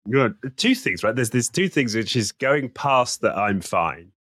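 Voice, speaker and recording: A man's voice: mid-range voice, big pitch swings, measured pace, a bit bright, breathy edge, dry recording, studio quality. A man hosting a podcast interview, who affirms his guest and sums up the points. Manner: affirming, summarizing, many yeahs. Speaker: podcast host.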